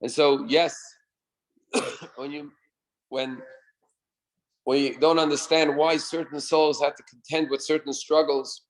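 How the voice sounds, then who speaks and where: A man, a rabbi, telling a story in a synagogue class in an animated way, acting out the voices he quotes and sometimes shouting their cheers. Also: on the high side, slow pace, long pauses, poor audio. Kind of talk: sermon storytelling.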